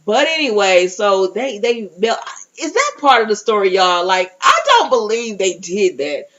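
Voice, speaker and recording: A chatty woman recaps a TV episode for her viewers, and her pitch swings widely as she goes. She talks straight to the audience and keeps restarting her sentences. The audio is dull and lo-fi. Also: very animated, unhurried, fairly bright tone, slight background noise. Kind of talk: casual recap and review.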